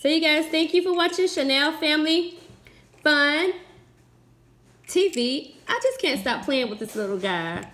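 A woman's voice: sits high, expressive, a little slow, fairly bright tone. A mother on a family channel chatting to viewers as she unboxes and demonstrates a toy, in a voice she calls whiny. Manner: chatty, addresses viewers as guys.

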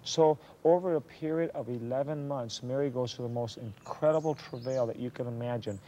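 A middle-aged man telling a true story to listeners in an animated way, raising his voice for the quoted lines. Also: medium pitch, fairly quick, a little hiss or hum. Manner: drops to a hush for whispered lines.

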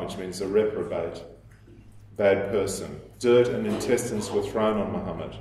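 A man giving a recorded lecture, explaining at a measured pace and quoting sources, with some fillers. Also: on the low side, darkish tone, slight background noise. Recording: very echoey room.

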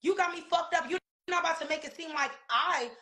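A woman's voice: very high-pitched, brisk, bright, forceful tone. A woman, a reality TV cast member, venting in a casual interview. She is heated, swears a lot and repeats words for emphasis.

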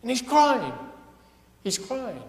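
A male pastor preaching a sermon with passion, dropping to a hush and then rising to loud emphasis. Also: very high voice, sing-song, slow. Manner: impassioned preaching, swinging between hushed and loud. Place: church sanctuary. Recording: echoey church hall.

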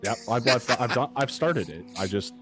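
A man's voice: medium pitch, lively intonation, normal speed, a bit bright, soft background music. A man narrating as game master of a tabletop game, hesitant and full of fillers.

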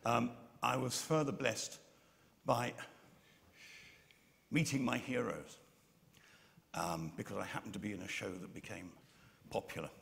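Gravelly man giving a stage tribute. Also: mid-range voice. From Birmingham, England. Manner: gracious, thankful. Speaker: actor. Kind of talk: speech on stage. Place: theatre stage. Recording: long hall reverb, faint room noise.

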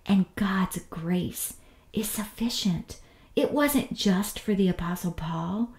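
A woman teaching the Bible in a gentle devotional style, often half-whispering with tender warmth. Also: mid-range voice, lively intonation, slow pace, reverberant.

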